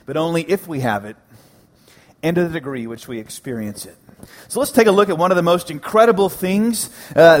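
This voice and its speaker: Pastor, man, higher voice, preaching with lively humor and punchy repeats. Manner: animated, joking preacher with emphatic repetitions. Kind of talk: sermon. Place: church sanctuary.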